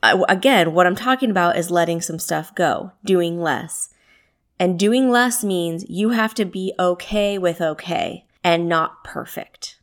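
A woman's voice: on the low side, a little slow. A woman wellness coach giving a self-help talk in a conversational way, often asking rhetorical questions and laughing easily. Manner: conversational, with frequent rhetorical questions and tag "right?"; laughs easily while speaking.

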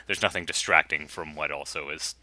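Man, podcast co-host, low voice, bright tone, dry close sound, casual film talk. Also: fairly quick, no echo. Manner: animated, laughing while recounting scenes.

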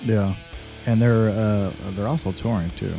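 A man's voice: on the low side, steady tone, a little slow, music in the background. A man co-hosting a podcast in casual chat, rambling and correcting himself as he talks. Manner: rambling, self-correcting, loose. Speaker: podcast co-host.

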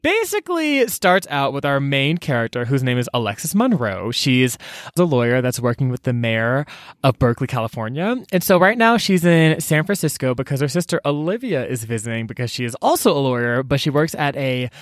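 Sassy, fast-talking young man. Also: medium pitch, no room sound, studio quality. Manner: animated, slangy and sassy, full of fillers and asides. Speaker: podcast host recapping a book. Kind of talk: casual book recap chat.

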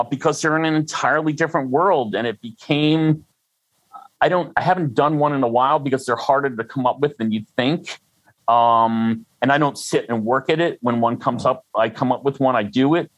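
An older freelancer as an interview guest, rambling and self-deprecating with frequent restarts. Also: male voice, mid-range voice, normal speed, no room sound, poor audio. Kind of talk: conversational interview.

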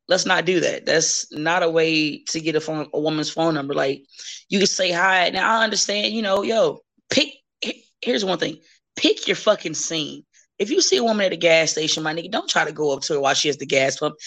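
Gravelly, blunt-talking woman. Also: low-pitched, brisk. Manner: blunt, profane, animated storytelling. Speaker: podcast guest, wrestler. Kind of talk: casual chat.

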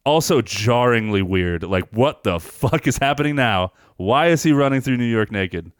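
A man's voice: mid-range voice, expressive, moderate pace, clean tone, dry recording, clean studio sound. A man co-hosting a film podcast in casual chat, rambling, swearing freely and animatedly retelling scenes. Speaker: podcast co-host reviewing films.

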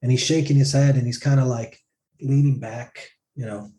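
Mellow-voiced man telling a story. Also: medium pitch, normal speed. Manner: animated, acts out others' words in quotes. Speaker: singer. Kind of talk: casual interview storytelling.

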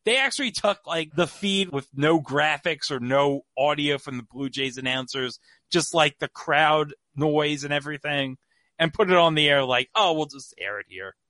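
A man's voice: fairly high pitch, normal speed, pushed and bright, no echo. A man hosting a podcast, telling a story in casual chat with lots of fillers. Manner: chatty storyteller, many fillers. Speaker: podcast host.

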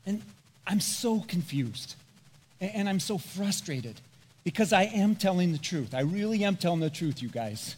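Male pastor, middle-aged, fairly high voice, earnest, animated, storytelling sermon. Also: unhurried, pauses often. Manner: animated, earnest and self-deprecating.

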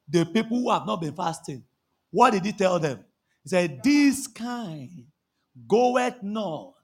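A man, preaching a sermon with shouted bursts and drawn-out emphasis. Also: very high voice, creaky, breathy edge. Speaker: pastor.

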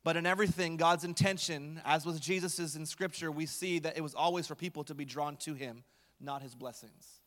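High-voiced male pastor in a reverberant hall. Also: fairly even intonation, a little fast, a bit bright. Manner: conversational storytelling with light humor. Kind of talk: sermon.

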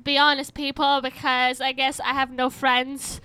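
Bright high Scottish-Polish woman. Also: level tone, unhurried, clear, resonant tone, dry recording, low-quality recording. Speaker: comedian guest. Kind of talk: casual studio chat. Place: radio studio.

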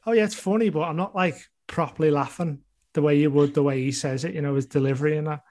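Chatty Scouse man, slightly high voice. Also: level tone, fast talker, darkish tone. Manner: chatty, rambling, loose impressions of others. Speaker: comedian guest. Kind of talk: casual chat.

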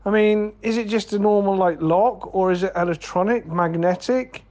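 A man's voice: sits high, moderate pace, a little mellow, lo-fi sound. A man co-hosting a comedy podcast, rambling through absurd plans, swearing and calling people mate. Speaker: podcast co-host. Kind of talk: comedic banter.

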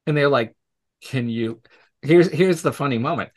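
A man's voice: fairly high pitch, a little fast. A man as an interview guest, casually telling stories from his teaching work, acting out the voices of people he quotes and laughing often. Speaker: podcast guest, educator.

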